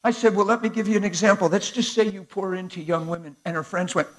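A man preaching a sermon to a live congregation in an animated, conversational way, acting out dialogue as he goes. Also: high-pitched, quick pace. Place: church sanctuary before a live crowd.

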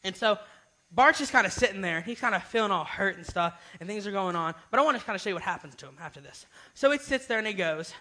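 A man's voice: high voice, expressive, fast talker, hardly any pauses, bright, forceful tone, low-quality recording. A young man giving a casual youth sermon, informal and often asking "right?". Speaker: youth speaker.

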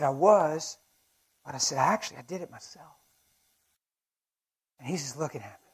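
A man preaching at a conference, telling a personal story with passion and swinging between loud and hushed delivery. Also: a little high, husky, poor audio. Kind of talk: sermon with storytelling. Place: conference hall.

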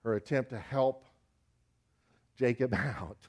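A man's voice: mid-range voice, takes it slowly. A man preaching a sermon, folksy and emphatic, urging listeners with direct questions.

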